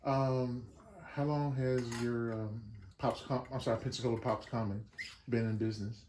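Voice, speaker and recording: A man's voice: mid-range voice, fairly even intonation, normal speed, a little mellow, slight background noise. A man interviewing a guest, earnest and a little hesitant. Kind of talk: interview questions. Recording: echoey room with faint ambience.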